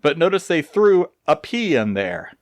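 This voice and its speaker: Man, teacher, slow deliberate delivery, dry close sound. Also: fairly high pitch, very animated, dry recording. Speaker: Spanish teacher. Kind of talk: recorded grammar lesson.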